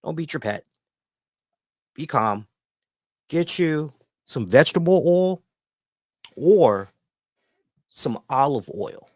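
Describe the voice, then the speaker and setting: A man hosting a wrestling review show, chatting casually and telling stories in an animated way with lots of filler words. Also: fairly high pitch, takes it slowly, long pauses, no echo, studio quality. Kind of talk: casual chat.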